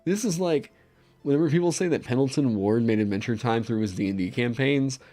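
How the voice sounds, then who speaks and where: A man chatting on a livestream in an excitable way, swearing freely and breaking into laughter. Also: medium pitch, fairly quick, faint music behind. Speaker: streamer designing game content. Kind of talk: casual livestream chat.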